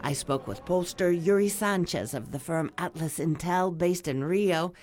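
A woman correspondent delivering a radio news report in a measured, clear way. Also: lowish voice, darkish tone. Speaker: foreign correspondent.

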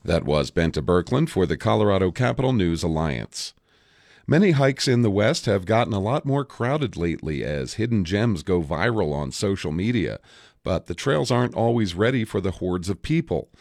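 A man hosting a radio newscast, reading stories and introducing reporters in a measured way. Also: sits low, lively intonation, gravelly, darkish tone, no room sound, clean studio sound. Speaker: news host.

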